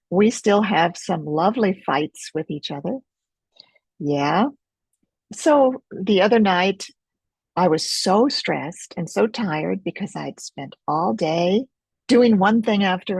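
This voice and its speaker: A middle-aged woman leading an experiential teaching webinar in a gentle, reflective way, pausing often, over a video call mic. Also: lowish voice, vocal fry, husky, dry recording. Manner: gentle, reflective, unhurried with pauses. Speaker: Focusing teacher.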